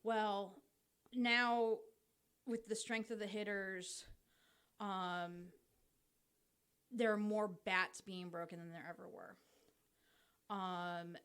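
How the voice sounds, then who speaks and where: A young woman talking through baseball rules in an easygoing podcast chat. Her voice sits at an ordinary pitch, and she explains things step by step with plenty of ums and restarts. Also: fairly even intonation, slow, long pauses, fairly bright tone, clear, resonant tone.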